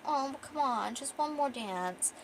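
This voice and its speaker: A tipsy deer-woman noble, flirtatious and giggly, as a woman reading a comic puts her on. She sings her words out high and stretches them lazily. The read has a loose, teasing bounce. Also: animated, slow pace, a little hiss or hum, exaggerated voice, low-quality recording. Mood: drunk, playful.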